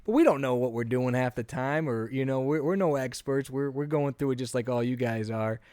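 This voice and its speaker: A man in his thirties, a podcast co-host telling an animated story in a casual chat, often acting out what he said. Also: medium pitch, fairly quick, smooth, no echo.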